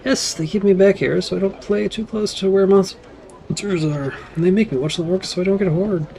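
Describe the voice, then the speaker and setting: A man doing a small servile girl from a fantasy game, innocent and chatty. The voice is lifted up high and bouncy for her, a lively read of on-screen text. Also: moderate pace, vocal fry, a little hiss or hum. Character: small curious servile girl herding orcs.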